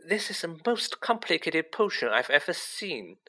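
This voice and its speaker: A man reading a story aloud, putting on the voice of a clever, bossy young schoolgirl who talks shrilly and excitedly. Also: fairly high pitch, moderate pace, voice pushed up, full character voice. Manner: breathless, excited.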